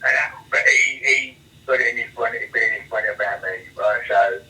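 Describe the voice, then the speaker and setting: A man's voice: medium pitch, moderate pace, bright, forceful tone, distant mic, rough recording. A man telling blunt, profane prison and street anecdotes as an interview guest, in a rambling, casual way. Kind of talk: casual storytelling chat.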